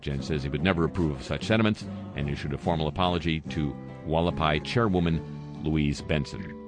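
A male radio host reading the week's news and adding dry, sardonic asides. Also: low-pitched. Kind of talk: satirical news commentary. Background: music under the voice.

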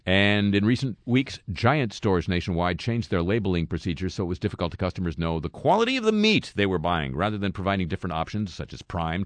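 Sarcastic low-voiced male news satirist. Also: no room sound. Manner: wry, sarcastic asides. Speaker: comedy news host.

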